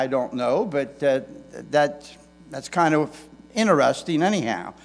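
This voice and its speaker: A man pastor preaching a sermon in a folksy way, with emphatic stresses and frequent restarts. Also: a little high.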